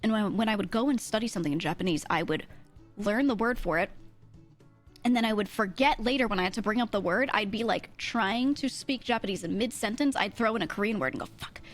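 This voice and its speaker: A woman's voice: mid-range voice, fast, faint music behind. A young woman streamer, chatting casually with chat, laughing often and swearing freely. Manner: laughing, swearing, animated asides.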